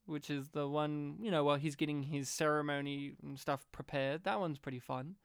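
High-voiced man chatting about a film. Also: normal speed, clean tone, no echo, studio quality. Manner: animated, acts out quoted lines. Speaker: podcast host. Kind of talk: casual film discussion.

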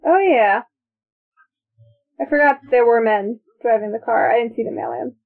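A woman co-hosts a podcast, chatting casually while watching a movie and eagerly sharing trivia. Her voice is fairly high and her pace moderate, and she comes across as chatty and enthusiastic about the trivia. The recording sounds narrow, like a phone.

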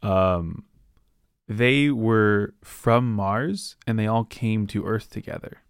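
A man's voice: fairly low pitch, slow pace, smooth, dry recording, studio quality. A man hosting a podcast from home, casually recapping a book in a rambling way, often slipping into loose quoted asides. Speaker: podcast host. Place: at home with his dog.

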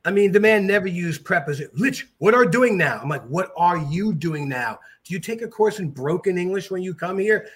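Middle-aged male guest with a high voice, lively, joking anecdotes. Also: fairly quick, hardly any pauses, slightly rough. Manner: animated, jokey, mimics voices. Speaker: podcast guest, jiu-jitsu black belt. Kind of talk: casual storytelling.

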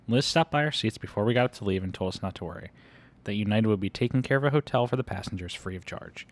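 A man reading a first-person story aloud at a brisk clip. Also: fairly low pitch. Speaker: audiobook reader.

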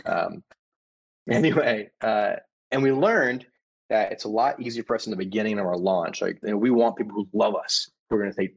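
Man, 30s, founder in casual interview; husky low voice, lively with quoted asides. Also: normal speed, poor audio. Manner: animated, acts out quoted customers with restarts. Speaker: startup founder.

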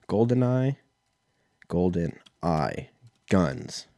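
In his thirties and hosting a casual solo podcast, a man rambles through a profane story that pokes fun at himself. His lowish, darkish voice swings widely in pitch at a normal speed, captured in studio quality with no echo.

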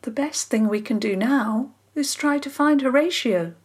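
A woman voicing a kind young girl detective who speaks gently and pleadingly in a children's story. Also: high voice, measured pace, husky, voice pushed up. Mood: gentle.

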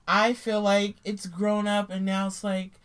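A woman co-hosting a podcast in casual chat, expressive and playful, quick to joke. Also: medium pitch, clear, resonant tone. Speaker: podcast co-host.

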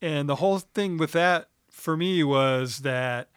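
A man's voice: a little high, a bit bright, clean tone, dry recording, studio quality. A man co-hosting a podcast, chatting casually about a film with an easygoing manner. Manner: easygoing, quick agreeing interjections. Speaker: podcast co-host.

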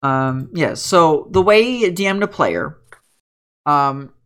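A woman's voice: deep voice, animated, slow, a bit bright. A woman running a tabletop game as game master, narrating scenes in a casual, chatty way with many "like"s.

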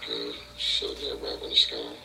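A man on a call with the podcast host, his partner, chatting casually in a slow, laid-back way. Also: rumbling low, completely flat delivery, vocal fry, noisy background. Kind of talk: casual chat.

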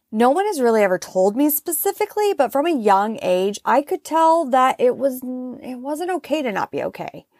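A woman's voice: mid-range voice, creaky, a little mellow, no room sound, studio quality. A woman in her thirties hosting her own podcast, talking frankly and casually, with the odd swear word. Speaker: podcast host. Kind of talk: casual solo podcast talk.

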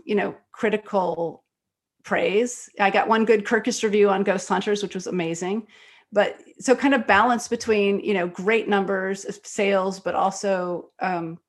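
A guest author and screenwriter, a woman with a mid-range voice, tells stories in a conversational interview. She is animated and quick, peppering her speech with frequent fillers.

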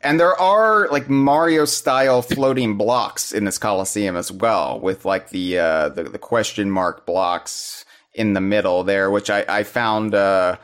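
A man's voice: fairly low pitch, measured pace. A man co-hosting a podcast, chatting casually and animatedly about a movie trailer. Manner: animated, mimics voices in jest. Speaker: podcast co-host. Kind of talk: casual chat.

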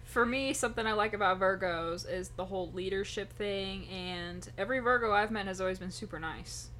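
A young woman talks through a relaxed podcast, playful and quick to break into giggles. Her pitch sits mid-range for a woman. A faint hiss of background noise runs under the recording. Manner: giggly, playful, laughs often. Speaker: podcast co-host. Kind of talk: casual chat.

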